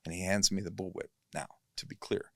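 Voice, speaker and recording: Deep-voiced man telling a rambling story. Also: steady tone, a little fast, fairly bright tone, no room sound, clean studio sound. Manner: rambling, self-correcting, fills with "you know". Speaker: actor and guest. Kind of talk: casual storytelling interview. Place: podcast studio.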